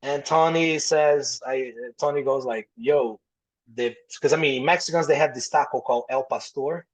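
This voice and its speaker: A young adult podcast guest with a Brazilian accent, a native Portuguese speaker, shares casual stories, mimicking quoted voices and swearing freely. His voice is mid-range, spoken at normal speed with fairly even intonation, and the recording quality is low.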